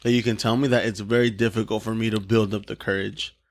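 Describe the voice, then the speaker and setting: A man's voice: fairly low pitch, flat delivery, fast. A man co-hosting a casual comedy podcast, rambling through stories, cursing freely and laughing often. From Mexican-American. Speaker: podcast co-host.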